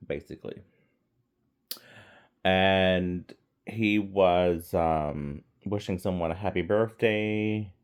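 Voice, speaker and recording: Slow, deep-voiced man reviewing a movie. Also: smooth. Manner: rambling, laid-back, many fillers and laughs. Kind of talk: casual film review vlog.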